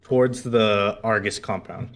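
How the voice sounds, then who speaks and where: A man's voice: fairly low pitch, fairly even intonation, measured pace, fairly bright tone. A man playing a tabletop game, talking casually, swearing and laughing as he plans his moves. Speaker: player.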